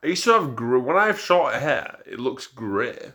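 A man's voice: medium pitch, big pitch swings, moderate pace, pushed and bright. A young man co-hosting a podcast in casual chat, tipsy from drinking and rambling with stumbling restarts. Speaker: podcast co-host.

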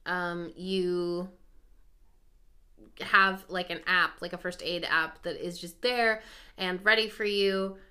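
A woman co-hosting a casual podcast, talking in a rambling, chatty way full of fillers. Her voice sits a little low but has a bright, crisp edge. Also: steady tone, slow. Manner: chatty, lots of fillers and asides. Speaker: podcast co-host. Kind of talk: casual chat.

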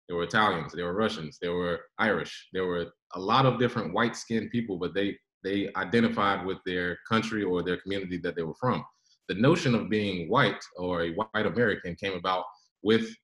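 A man's voice: sits low, fairly bright tone, roomy sound, rough recording. A man, a guest author, explaining his ideas earnestly in a podcast interview.

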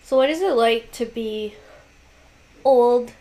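A woman's voice: a little high, slow pace, dark tone. A woman in her twenties co-hosting a casual podcast, teasing and laughing easily. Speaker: podcast co-host. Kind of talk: casual chat.

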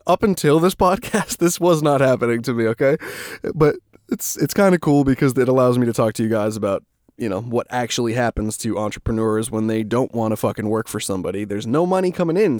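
A man's voice: medium pitch, a little mellow, no echo, studio quality. A young man from Massachusetts hosting a podcast, telling a story in casual, rambling, profane talk. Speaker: podcast host.

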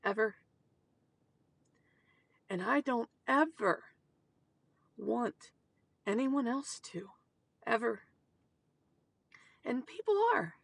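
A woman speaking in an emotional personal monologue as a mother, halting, with sudden outbursts and soft whispered asides. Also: a little high, lively intonation, gravelly, slightly rough. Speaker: mother sharing personal experience.

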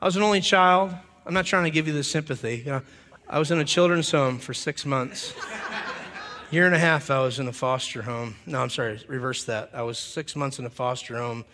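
Animated preacher man in a reverberant hall. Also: mid-range voice, a little fast. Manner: animated, jumps to shouting. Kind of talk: humorous revival sermon. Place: church hall.

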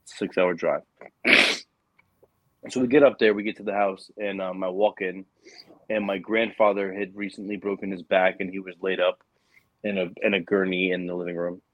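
A man's voice: low-pitched, fairly even intonation, moderate pace, no room sound, muffled recording. A young adult man telling a personal story in casual conversation, earnest and rambling with many restarts.

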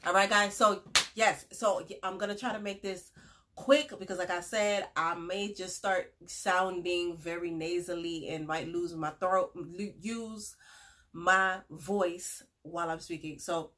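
A woman talks through a casual podcast monologue. Her voice sits fairly low and comes out raspy and stuffy from a cold, chatty and upbeat, full of fillers. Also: fairly even intonation, a little slow, fairly bright tone, slight background noise. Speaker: podcast host, respiratory therapist.

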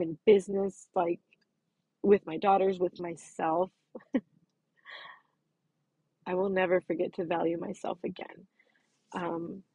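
A woman's voice: mid-range voice, creaky, darkish tone, husky, no room sound, dull audio. A woman in her thirties talking through a personal reflection, earnest and self-affirming, stressing her words by repeating them. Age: 30s. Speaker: podcast host.

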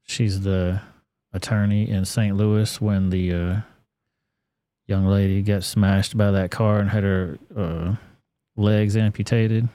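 Low, flat-voiced man on a live stream. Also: slow, dry recording. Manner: casual and profane, loose with fillers. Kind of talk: casual live-stream commentary.

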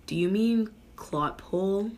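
A woman's voice: medium pitch, slow pace, darkish tone, lightly acted. A woman playing a sulky, whiny teenage male prince in a comedic skit, talking sarcastically and with exasperation, addressing viewers like a vlogger. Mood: sarcastic.

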